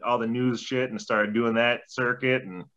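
Ex-athlete, male, 40s, relaxed profane storyteller with a bright tone, recorded on dull lo-fi audio. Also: medium pitch, normal speed. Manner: laid-back, heavy swearing, rambling anecdotes. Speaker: podcast guest, former junior hockey player. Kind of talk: casual storytelling interview.

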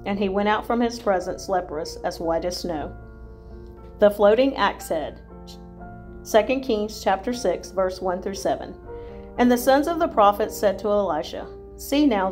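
Woman reading scripture aloud. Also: mid-range voice. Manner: measured, even-paced reading. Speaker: Bible reader. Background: faint instrumental music.

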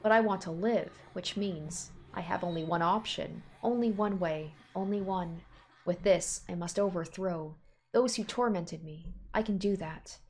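A woman voicing a tormented young man who calls himself a beast, speaking in anguished, halting bursts and repeating himself. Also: fairly low pitch, darkish tone. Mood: grim.

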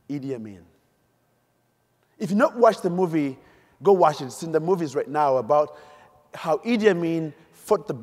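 A middle-aged man from Uganda, giving an animated, storytelling keynote speech on a stage mic in a large conference hall and quizzing the audience. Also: on the high side, breathy edge. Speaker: keynote speaker. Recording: echoey hall.

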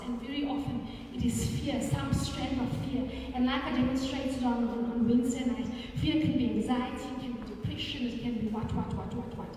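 A South African woman preaching a sermon as a pastor, animated and repeating phrases for emphasis. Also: high-pitched, a little fast, hardly any pauses. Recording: echoey hall from far off, faint room noise.

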